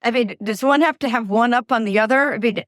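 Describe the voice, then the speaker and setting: Brisk woman podcast host. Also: fairly high pitch, fairly bright tone, no echo, studio quality. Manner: brisk, guiding segments. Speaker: podcast host, divorce attorney. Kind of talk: hosting a podcast.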